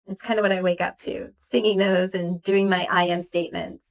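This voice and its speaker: A woman's voice: on the low side, little pitch movement, fairly quick, few pauses. A woman giving a motivational spiritual talk as a spiritual teacher, earnestly reciting long lists of affirmations.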